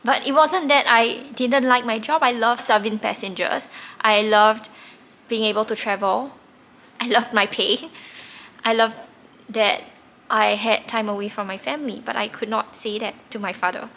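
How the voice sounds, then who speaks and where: A woman's voice: on the high side, fairly even intonation, moderate pace, vocal fry, fairly bright tone. A woman, candidly telling a personal story in a reflective way, with occasional laughs. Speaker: tarot reader recounting her past.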